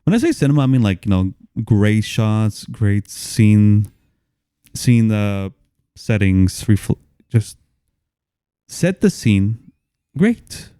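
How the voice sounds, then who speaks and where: Chill guy on a movie podcast, deep-ish warm voice, smooth, dry close mic. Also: sing-song, takes it slowly, pauses often, no room sound. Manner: laid-back, short agreeing replies. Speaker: podcast co-host. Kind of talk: casual movie review chat.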